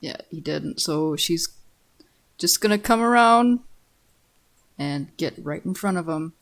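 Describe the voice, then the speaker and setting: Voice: medium pitch, animated, a little slow, a bit bright. A tabletop game player describing their character's moves in loose, profane casual chat.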